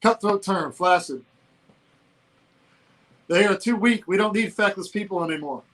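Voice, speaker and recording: A man co-hosting a casual political talk show, animated and laughing often, from Georgia in the United States. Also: sits high, normal speed, low-quality recording. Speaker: co-host.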